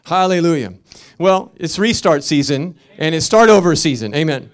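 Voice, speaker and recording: A man's voice: a little high, expressive, normal speed. A middle-aged man preaching a fervent sermon as pastor, telling stories between declarations.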